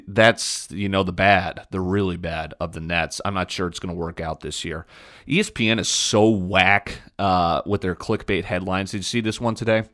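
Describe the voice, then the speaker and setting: A man's voice: deep voice, a bit bright. A young man hosting a podcast, giving blunt, opinionated sports talk with frequent fillers. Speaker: podcast host. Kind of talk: casual sports talk monologue.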